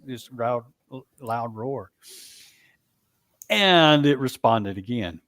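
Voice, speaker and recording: A man telling a long story as a guest in a casual interview, halting, with frequent restarts and asides. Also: medium pitch, expressive, fairly bright tone, no room sound, studio quality. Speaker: guest, Bigfoot researcher.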